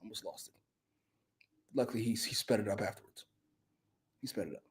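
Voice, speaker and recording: A man co-hosting a live wrestling review, cursing and swinging from low mutters to loud shouted rants. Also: a little fast. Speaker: wrestling show co-host. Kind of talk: profane live review chat.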